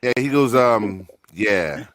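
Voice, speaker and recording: A man's voice: mid-range voice, animated, fairly quick, a bit bright. A man chatting casually on a podcast, telling funny stories with frequent stammered restarts and acted-out quotes. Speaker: guest author.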